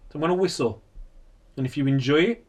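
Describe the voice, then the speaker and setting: A British man, a paranormal investigator, slowly and softly calling out to spirits during a ghost hunt. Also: fairly high pitch. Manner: slow, hushed, coaxing.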